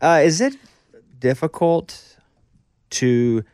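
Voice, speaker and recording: A man's voice: fairly high pitch, animated, takes it slowly, darkish tone, clean tone, dry recording. Playful male podcast host, dry mic. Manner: playful, enthusiastic interjections. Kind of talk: casual interview chat.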